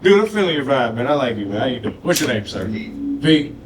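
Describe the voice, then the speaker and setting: A man's voice: medium pitch, big pitch swings, fast talker, slight background noise. A man doing a loose, profane stand-up comedy set on a club stage, working the crowd. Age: adult with a grown daughter.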